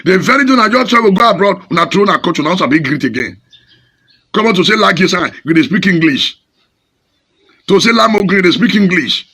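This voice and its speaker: A Nigerian pastor delivering a fiery, scolding sermon in Pidgin-laced English. His voice is high, bright and gravelly, with wild pitch swings, and it has a raspy, husky edge. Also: animated, a little fast.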